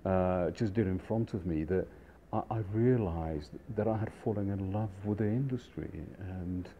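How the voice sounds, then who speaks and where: A man's voice: sits low, normal speed. Man, middle-aged, casual storytelling, rambling, dull recording, faint hiss. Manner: rambling, animated, many fillers and restarts. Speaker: storyteller, restaurant industry veteran. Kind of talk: casual anecdote telling.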